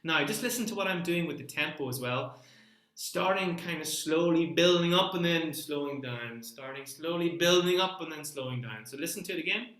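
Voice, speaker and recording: A man's voice: on the high side, normal speed, fairly bright tone, echoey room. A man teaching an online singing lesson, coaching vowels and rhythm with sung examples.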